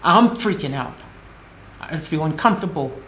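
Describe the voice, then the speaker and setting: Recorded with a roomy echo and slight background noise, a woman from the United States tells an upsetting story in her vlog, agitated and emotional, performing her own responses. She has a low, expressive, slightly bright voice at a moderate pace.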